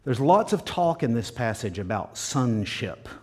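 A man's voice: medium pitch, big pitch swings, a little slow, a little mellow. A man preaching a sermon as pastor, emphatic and repetitive, sometimes dropping to a near whisper. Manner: emphatic, repeats key words, drops to a whisper at times.

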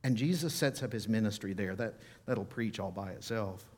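A man preaching a sermon, reading scripture aloud with feeling and emphasis, slowing for dramatic pauses. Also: fairly low pitch, darkish tone, slightly rough.

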